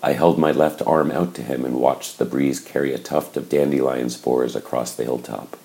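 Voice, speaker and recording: Audiobook narrator, male, very low and gravelly, dark and measured. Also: fairly even intonation, low-quality recording. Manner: measured, reflective.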